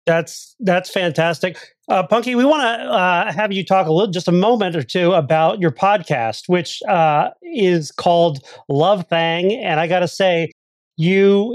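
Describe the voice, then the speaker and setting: A man's voice: sits high, dry recording. A man co-hosting a podcast interview, enthusiastic and chatty with plenty of fillers. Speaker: podcast co-host. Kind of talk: casual interview.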